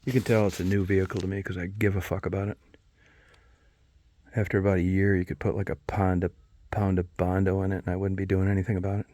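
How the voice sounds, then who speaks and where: A middle-aged man with a fairly low voice rambles through a casual vlog. He swears freely and mocks himself with a dry, wry edge, drifting between grumbling and musing. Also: level tone, quick pace, mellow, dry recording. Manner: profane, wry, self-mocking rant. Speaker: vlogger.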